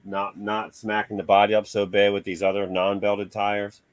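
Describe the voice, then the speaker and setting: A man's voice: on the low side, monotone, normal speed, clean tone, no echo. A man in casual chat about remote-control cars, laid-back and chatty, laughing often.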